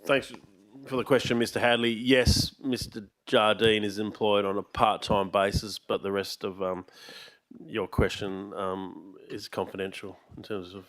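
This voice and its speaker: A man answering a public question at a council meeting in a measured, guarded, hesitant way. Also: fairly low pitch, little pitch movement, a bit bright.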